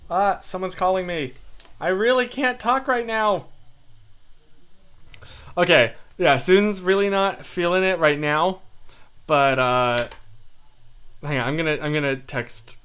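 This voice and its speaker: A young man chats casually on his livestream, rambling and poking fun at himself. His voice sits a little high, and he talks at an unhurried pace. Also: fairly bright tone, smooth. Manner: rambling, self-deprecating, chatty. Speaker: livestream host. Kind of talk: casual livestream chat with viewers.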